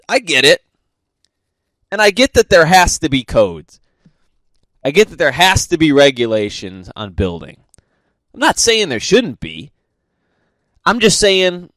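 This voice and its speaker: A man's voice: a little high, a bit bright, no room sound. A man hosting a podcast, delivering a casual comedic rant full of profanity and exasperated questions. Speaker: podcast host.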